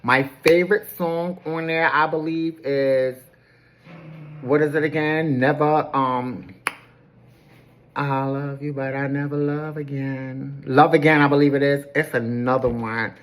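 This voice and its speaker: A woman's voice: low voice, fairly even intonation, a little slow. Sassy gossipy woman recapping an episode. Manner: sassy, gossipy, dramatic, calls people honey. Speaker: recap host. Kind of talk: casual episode recap commentary.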